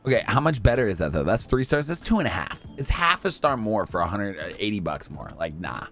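A young man giving casual gameplay commentary, talking to himself and to in-game customers, swinging from mumbles to shouts. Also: lowish voice, sing-song, a little fast, faint music behind. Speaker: gaming YouTuber.

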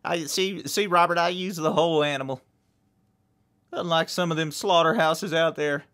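Man doing a rambling hick fireworks king, bright pushy voice, twang, hard-sell bravado. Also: a little high, fairly even intonation, normal speed, lightly acted. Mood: boastful. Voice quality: folksy, rambling, salesman bravado. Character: boastful small-town fireworks seller, pork-loving hick. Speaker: guest. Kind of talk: improvised comedy podcast character.

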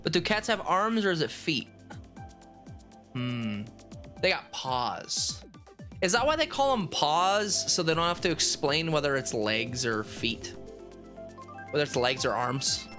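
A woman's voice: low voice, lively intonation, unhurried, long pauses, fairly bright tone, soft background music. A woman streaming live, chatting on a call in a rambling, crude and giggly way. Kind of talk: casual live-stream chat.

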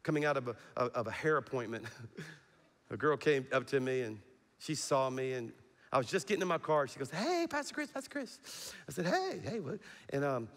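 A middle-aged man preaching a sermon as pastor, animated and calling on the congregation to respond. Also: medium pitch, brisk. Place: large church hall. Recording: long reverb of a large hall.

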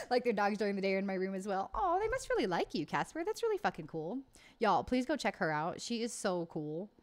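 Her mid-range voice has a sing-song lilt, moving at a moderate pace with frequent pauses. She's a bubbly livestream host who reads live comments, chats casually, laughs often, and swears freely.

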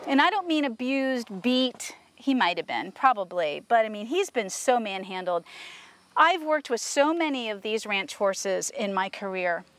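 A woman horse trainer working a horse outdoors, explaining to viewers and softly praising the horse as she goes. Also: fairly high pitch, no echo. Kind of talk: instructional training video.

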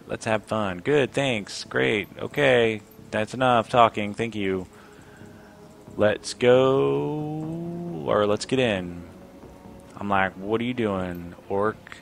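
A young man hosting a gaming video gives casual let's-play commentary in a low, creaky voice. He reads the game's dialogue aloud sarcastically, raising his voice slightly.

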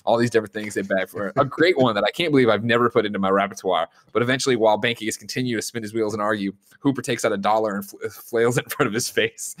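Animated man recapping a film. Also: on the low side, fast talker. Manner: animated retelling, jumps into loud impressions of film lines. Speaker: podcast co-host recapping a film. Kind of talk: casual chat.

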